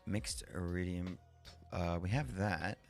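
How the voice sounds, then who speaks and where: A man streaming a game live, rambling excitedly, laughing and swearing as he reacts to chat. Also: deep voice, slow pace, vocal fry, faint music behind.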